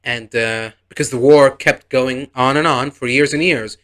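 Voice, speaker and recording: A man's voice: medium pitch, steady tone, a little slow, a bit bright. Sarcastic rambling male reviewer. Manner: sarcastic, rambling, acts out the characters' lines. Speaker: show reviewer. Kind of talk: casual spoken review recap.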